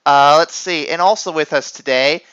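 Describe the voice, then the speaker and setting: Young male podcast host, goofy and self-mocking, bright, higher voice, dry sound. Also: normal speed, clean tone, no room sound, dull audio. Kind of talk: solo comedy podcast.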